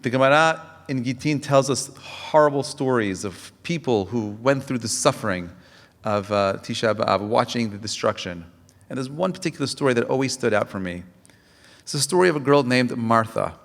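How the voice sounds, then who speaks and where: A man's voice: mid-range voice, animated, moderate pace, in a large hall. A man, a rabbi, giving an impassioned Tisha B'Av lecture, asking rhetorical questions and telling stories with frequent restarts.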